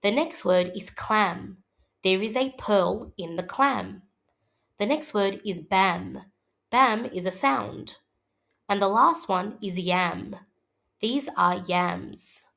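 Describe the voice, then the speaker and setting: Slow gravelly-voiced woman teaching phonics. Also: mid-range voice, a bit bright. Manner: slow, clear, modelling sounds for children to repeat. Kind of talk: scripted early-years phonics lesson.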